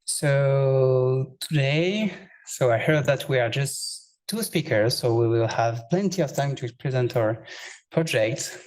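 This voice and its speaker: A man's voice: mid-range voice, slow, darkish tone. A man with a French accent, a postdoctoral researcher, giving a scientific talk full of hesitations, self-corrections and self-deprecating jokes.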